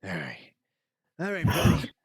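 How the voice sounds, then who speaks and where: Slow, lively male game master. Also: a little high, breathy edge. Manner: laughing, profane, rambling storytelling. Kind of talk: narrating a tabletop game. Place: home streaming setup.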